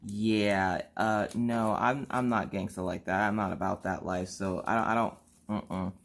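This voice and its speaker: A woman in her thirties chatting casually on her vlog, telling a family story in an animated, exasperated way. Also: very deep voice, unhurried. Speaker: vlogger.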